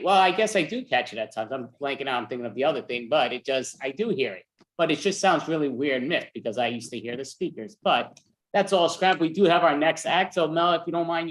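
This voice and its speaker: A host at a live comedy show rambling through stage chat between acts and losing track mid-thought. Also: mid-range voice.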